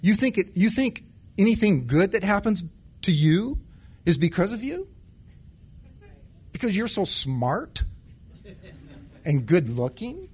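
A man's voice: high voice, big pitch swings, slow, pauses often, a little mellow, slightly rough, pitched above the performer's own voice, exaggerated voice. A man voicing God as a stern figure who scolds with mocking rhetorical questions.

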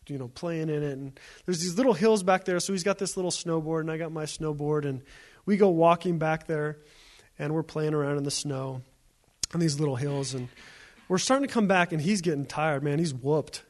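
High-voiced man preaching a conversational sermon. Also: normal speed. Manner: conversational, storytelling with repeated phrases. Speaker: pastor.

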